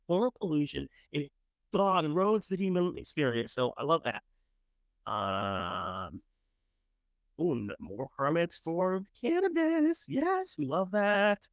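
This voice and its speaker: A man hosting a casual commentary show, talking with a lively voice that swings from loud enthusiasm to mumbled asides. His tone is chatty and sarcastic. The recording is dry and close, with no room sound. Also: medium pitch, dry recording. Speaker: show host reviewing candidates.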